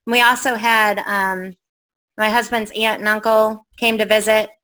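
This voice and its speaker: Bright-voiced middle-aged woman telling a ghost story. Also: mid-range voice, level tone, moderate pace, low-quality recording. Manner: rambling, with many fillers and acted-out quotes. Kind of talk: casual storytelling.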